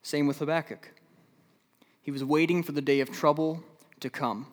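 A man preaching a sermon as a pastor, from the American Midwest, swinging between loud emphatic stretches and low, slow, quiet passages. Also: fairly even intonation. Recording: long hall reverb.

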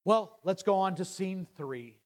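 A man preaching a sermon. He paraphrases scripture casually and swings from loud declarations to hushed words. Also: high-pitched, expressive. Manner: dramatic swings from loud to hushed, slow emphatic phrasing. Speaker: pastor.

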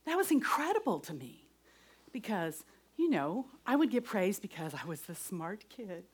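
A woman's voice: medium pitch, big pitch swings, normal speed, husky. Earnest woman giving a devotional talk. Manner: earnest, shifts from loud to whispered. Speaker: speaker giving a testimony. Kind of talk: devotional talk with personal story.

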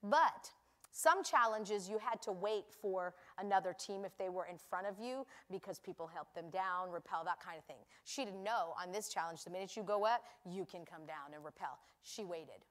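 A woman giving a sermon in a chatty, animated way, telling stories and acting out the people in them. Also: fairly low pitch, moderate pace. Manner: animated, acts out voices in anecdotes; chatty, conversational with frequent "you know". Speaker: preacher. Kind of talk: sermon with storytelling.

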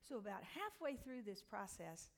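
A woman's voice: medium pitch, normal speed. A woman in her forties telling a humorous faith-based story to a women's group, acting out the voices of the people in it. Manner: animated, acts out quoted voices. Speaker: speaker at a women's faith gathering.

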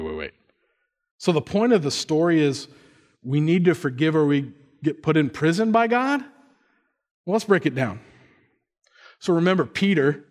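A man in his thirties preaching a sermon in a conversational way, often putting questions to his listeners. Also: sits high. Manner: conversational, asks the audience questions. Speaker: pastor.

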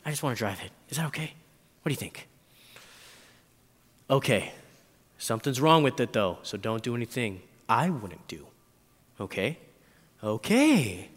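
A man in his thirties preaching a sermon, telling a personal story and acting out his own thoughts in lively bursts. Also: mid-range voice, normal speed, pauses often, breathy edge. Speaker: pastor. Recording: long reverb in a hall.

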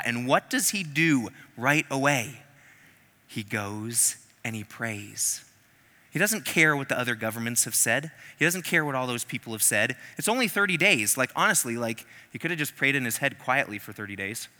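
A male preacher delivering a sermon in a large hall, animated and humorous, slipping into acted-out voices between scripture readings. His tone is very bright and ringing, and a long reverb trails behind him. His pitch sits in the middle range. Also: moderate pace.

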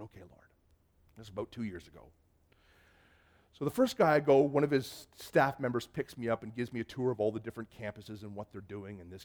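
A male pastor preaching a sermon and telling personal stories, animated and swinging between loud bursts and hushed asides. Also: mid-range voice.

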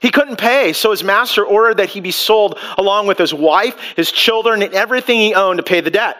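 A man preaching a sermon as pastor, animated, asking rhetorical questions and acting out the people in the story. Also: high-pitched, a little fast.

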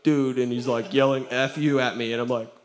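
A man, a pastor giving a lively sermon, acting out the quotes he tells and laughing often. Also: mid-range voice, fairly quick.

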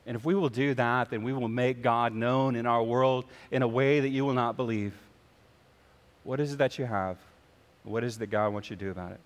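A man's voice: medium pitch, fairly even intonation, fairly quick. Man preaching in a reverberant church. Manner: storytelling, acts out the voices in his anecdotes. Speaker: pastor. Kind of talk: sermon. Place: church sanctuary.

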